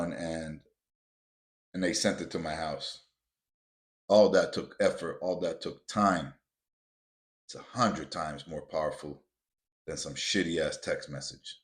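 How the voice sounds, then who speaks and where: A man with a very low, deep voice hosts a motivational podcast. He talks to his listeners bluntly and emphatically, swearing freely as he lays out his advice. He addresses them directly and often calls them "guys.". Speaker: podcast host.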